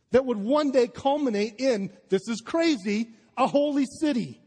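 A man's voice: extremely high pitch, normal speed, few pauses, dark tone. A male pastor preaching an impassioned sermon to his congregation, emphatic and stammering through restarts. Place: large church hall. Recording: live sermon in a reverberant hall.

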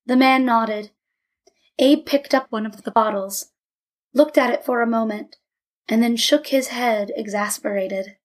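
A woman reading a story aloud in a measured, steady narration. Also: fairly high pitch. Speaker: audiobook narrator.

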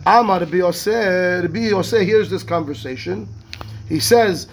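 High-voiced rabbi teaching Talmud. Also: male voice, creaky, breathy edge. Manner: animated, reads Hebrew text fast then explains in English; asks rhetorical questions, acts out the rabbis' voices. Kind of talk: Talmud class lecture.

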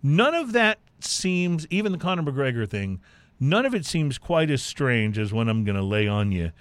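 A man's voice: medium pitch, normal speed, dry recording. Texas guy co-hosting, bouncy voice that rises and falls a lot, dry close sound. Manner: animated, chatty, with frequent fillers. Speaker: co-host. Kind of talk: casual chat.

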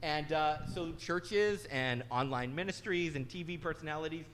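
A man's voice: fairly high pitch, moderate pace, fairly bright tone. Candid middle-aged male pastor preaching. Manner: candid, conversational, self-deprecating. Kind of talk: sermon.

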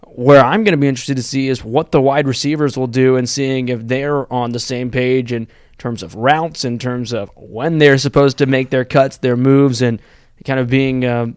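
A young man co-hosting a student sports podcast, giving steady, thought-through football analysis in long run-on points. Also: medium pitch, moderate pace, clean tone, no echo, clean studio sound.

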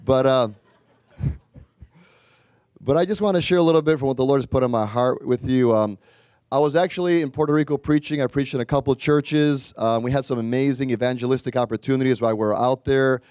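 A man's voice: medium pitch, a little fast, darkish tone, clean tone, no echo. Male evangelist, casual storytelling sermon, rambling delivery, dry sound. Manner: chatty, rambling, many fillers and restarts. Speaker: guest evangelist.

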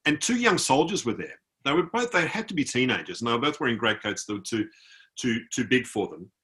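A man's voice: medium pitch, expressive, brisk, sharp tone. An Australian man, an author, telling an anecdote on a video call and mimicking the people he met. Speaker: author guest. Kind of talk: storytelling in a conversation.

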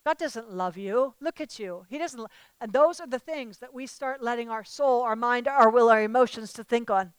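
High, smooth-voiced woman preaching emphatically. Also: normal speed, no echo. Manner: emphatic, rising to loud declarations, calls out to the audience. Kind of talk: sermon to a live audience.

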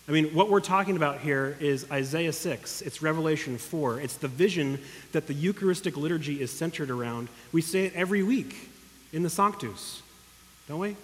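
A pastor preaching a sermon in earnest, emotional tones, speaking directly to his congregation. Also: fairly high pitch. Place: church hall. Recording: long echo of a large hall.

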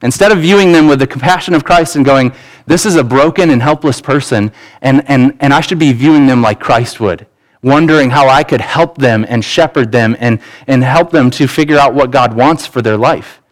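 A man's voice: mid-range voice, normal speed, rough recording. A man in his thirties, a pastor preaching a conversational sermon that mixes scripture with family stories and acted-out dialogue. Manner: acts out quoted voices in dialogue. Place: church sanctuary.

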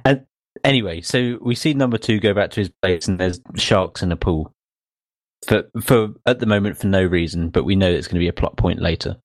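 Bloke on a podcast, bit low voiced, stumbles and laughs a lot, dry sound. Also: male voice, dry recording. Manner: halting, laughs often, lots of fillers. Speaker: podcast co-host. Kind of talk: casual chat.

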